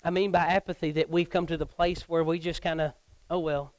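A middle-aged man preaches a sermon as a youth pastor. His voice sits high, and he swings from hushed, nearly whispered lines to loud, near-shouted ones. The sound is dry and close, with no room echo. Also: level tone, quick pace.

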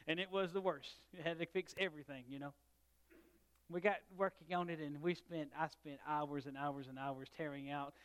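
Pastor telling a story. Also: male voice, on the high side. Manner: storytelling, shifts between loud and soft. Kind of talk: sermon.

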